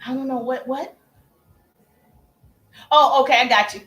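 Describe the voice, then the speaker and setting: A woman hosts a casual live stream with sales tips, her voice high and bright. She chats with viewers, calls them baby and acts out sample messages. The room gives back a noticeable echo. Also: steady tone, measured pace. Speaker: livestream host and sales coach. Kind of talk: casual livestream coaching.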